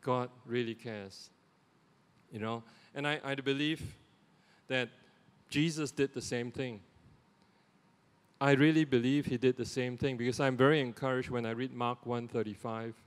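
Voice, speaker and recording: A man's voice: mid-range voice, moderate pace, pauses often, clear, resonant tone. Singaporean man preaching in a reverberant church. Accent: Singaporean English. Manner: conversational, animated, with many restarts and "you know" asides. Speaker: lay preacher. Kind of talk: sermon. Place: church sanctuary.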